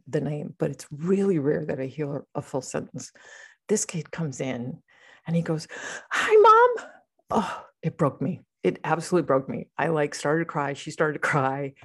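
A woman with a notably low voice talks in a loose, casual podcast ramble. She is middle-aged, and her speech is full of fillers and restarts as she chats with a co-host. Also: creaky, darkish tone, husky. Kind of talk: casual chat.

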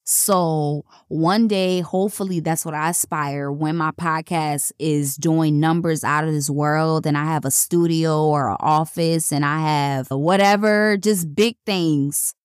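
A young woman hosting her own podcast in casual, blunt chat, swearing freely and jumping up in pitch when excited. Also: measured pace, few pauses, smooth, no room sound, clean studio sound. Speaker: podcast host.

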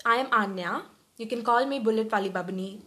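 Young woman, slightly high-pitched, casual and chatty host who stumbles when rattled. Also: fast talker, pushed and bright. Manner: chatty, stammers when flustered. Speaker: vlogger and podcaster. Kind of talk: casual chat to camera.

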